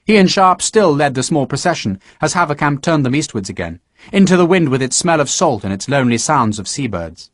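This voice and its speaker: Male audiobook narrator, lively pitch, dry close sound. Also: brisk, no echo.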